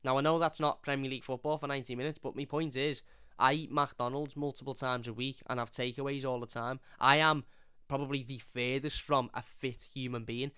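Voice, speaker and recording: A man's voice: mid-range voice, steady tone, brisk, bright, forceful tone, smooth, no room sound, clean studio sound. A young man hosting a fan channel, giving a frank, rambling live review of a football match, often restarting his words.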